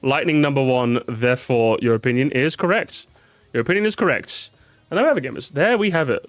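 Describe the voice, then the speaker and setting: A man's voice: medium pitch, lively intonation, a little fast, dry recording, faint music behind. A tired man chatting casually on a live stream, repeating words, swearing and reacting to his chat.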